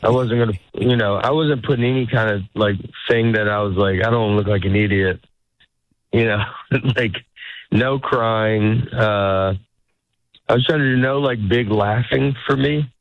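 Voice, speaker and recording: A man's voice: lowish voice, unhurried, muffled recording. A man who is a stand-up comedian, chatting casually as a guest, rambling and restarting his sentences and laughing often. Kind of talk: casual chat.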